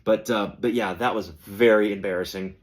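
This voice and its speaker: A man hosting a podcast, telling a personal story in a casual, animated way and acting out the voices of people he quotes. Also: lowish voice, moderate pace. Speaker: podcast host.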